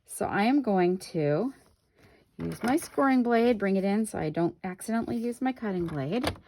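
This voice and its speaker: A woman's voice: mid-range voice, animated, normal speed, darkish tone. A woman demonstrating a paper craft on camera, chatting with viewers and correcting herself as she works. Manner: chatty, talks to viewers while working, self-correcting. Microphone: camera on the craft table.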